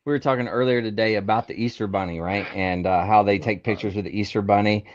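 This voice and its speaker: A man's voice: fairly low pitch, steady tone, quick pace. A man hosts a laid-back chat, prompting his guests and laughing often. His voice comes through slightly muffled. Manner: laughs often, asks questions. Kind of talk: casual chat.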